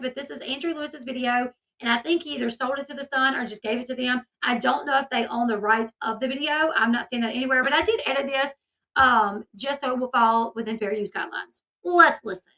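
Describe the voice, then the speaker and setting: A woman's voice: sits high, fast talker, bright, forceful tone, far from the mic, rough recording. A woman hosting a casual commentary video, chatty and opinionated with many fillers. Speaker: commentary channel host.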